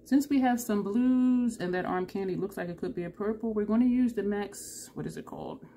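A woman's voice: mid-range voice, big pitch swings, fairly quick, dark tone. A woman vlogger chatting through a makeup tutorial, thinking aloud and correcting herself as she goes. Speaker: beauty vlogger.

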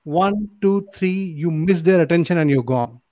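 A man's voice: on the high side, normal speed, a little mellow, no room sound. A man hosting over a video call, earnest, repeating phrases for emphasis. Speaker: host. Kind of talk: casual chat.

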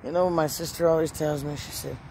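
A woman's voice: low voice, steady tone, fairly quick, a little mellow, a little hiss or hum. A woman giving an emotional faith testimony in a personal vlog, speaking earnestly and building into urgent rhetorical questions. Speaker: Christian vlogger. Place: in or beside a parked truck outdoors.

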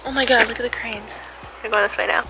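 Teen girl vlogger, upbeat and chatty, a little high, crisp bright tone, handheld camera sound. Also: steady tone, fast, a little hiss or hum, poor audio. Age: teens. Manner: bubbly, chatty, giggly asides. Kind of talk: casual vlog chat. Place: at home and by a pool.

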